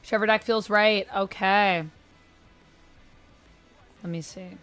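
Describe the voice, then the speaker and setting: A woman's voice: mid-range voice, fairly even intonation, takes it slowly, a bit bright, soft background music. A woman hosting a casual tarot livestream, chatting and greeting viewers as she lays out her decks. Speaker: livestream host reading tarot.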